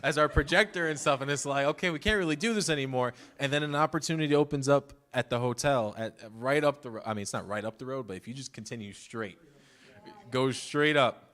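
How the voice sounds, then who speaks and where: A young man in his twenties delivers a sermon, mixing scripture with a personal story from his family. He talks casually, leaning on fillers, his voice at an ordinary middle pitch, and at times he fights back emotion. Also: fairly bright tone. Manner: emotional, holding back tears; conversational, many "like" fillers. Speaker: pastor's son preaching.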